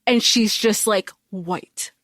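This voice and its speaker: A woman's voice: mid-range voice, slow, fairly bright tone, dry recording, studio quality. A woman co-hosting a podcast in casual chat, reacting to a film and quoting its characters with laughter. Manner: chatty, quotes characters with laughs. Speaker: podcast co-host.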